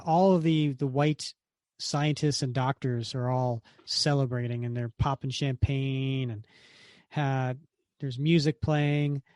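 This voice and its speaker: A man co-hosts a casual comic book podcast, retelling the story panel by panel with plenty of ums and restarts. His voice sits in a middle pitch. The sound is dry and close to the mic. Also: a little mellow, no room sound. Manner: rambling, many fillers and restarts. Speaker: podcast co-host.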